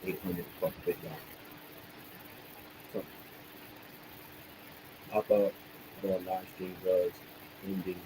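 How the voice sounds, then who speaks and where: A man's voice: low-pitched, level tone, slow, pauses often, noisy background. A young man live-streaming, venting angrily with lots of cursing and repetition. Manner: angry, profane, repetitive venting. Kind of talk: casual live-stream rant.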